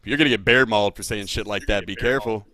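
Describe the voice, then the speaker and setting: American guy hosting a stream, jokey, reads out donations, talks fast. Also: lowish voice, sharp tone. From United States. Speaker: stream host. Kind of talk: casual live-stream chat.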